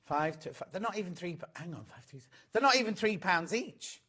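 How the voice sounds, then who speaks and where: A man's voice: high voice, expressive, a little fast, pushed and bright, slightly rough. Chatty man selling fabric. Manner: chatty, jokey, stumbles over prices and names. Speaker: shopping channel presenter. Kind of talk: live TV selling chat.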